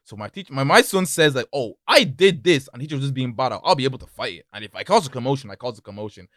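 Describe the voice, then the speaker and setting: A young man talks casually with friends, telling school stories in a bright, forceful voice. He drops to a mumble, then bursts out loud and laughing. The sound is dry and close. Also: medium pitch, very fast, no echo. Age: young adult. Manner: animated storyteller, swings from mumbling to loud laughing outbursts. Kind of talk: casual chat.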